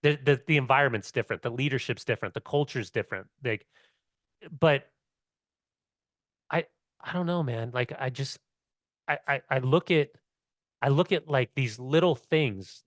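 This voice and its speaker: In casual sports chat on the soccer podcast he co-hosts, this middle-aged former player spins long, rambling stories packed with "like" and swearing. He speaks at normal speed in a mid-range, fairly bright voice, recorded in clean studio sound with no echo.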